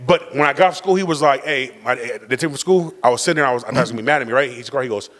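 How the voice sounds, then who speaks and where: A man co-hosting a podcast, telling a family story in a rambling, animated, profane way and acting out the voices. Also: medium pitch, racing, in a large hall. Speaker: podcast co-host. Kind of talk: casual storytelling with his brother.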